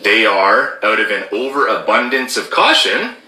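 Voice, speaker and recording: A man's voice: fairly low pitch, expressive, moderate pace, sharp tone, echoey room, low-quality recording. A man explaining rules in an emphatic commentary, stressing key words and checking in with "okay?". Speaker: former border officer commentator.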